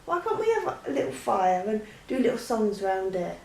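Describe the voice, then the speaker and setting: A woman's voice: a little high, big pitch swings, a little fast, vocal fry, few pauses, darkish tone, reverberant, poor audio. A woman answering questions in a chatty, rambling way, with many restarts. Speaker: vlogger. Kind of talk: casual Q&A chat.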